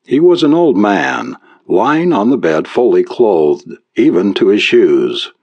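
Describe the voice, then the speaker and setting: Deep-voiced man narrating an audiobook. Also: highs cut off. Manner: measured, expressive reading.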